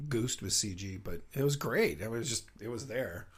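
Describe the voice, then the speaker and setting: Middle-aged man, low voice, interview guest, chatty, rambling, restarts sentences. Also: expressive, moderate pace, husky. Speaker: guest, puppetry writer and director. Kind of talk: casual interview talk.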